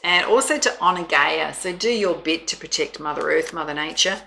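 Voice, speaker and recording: A woman's voice: sits low, moderate pace, creaky, sharp tone, slight background noise. An Australian woman giving a chatty, soothing tarot reading, with frequent laughs. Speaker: tarot reader.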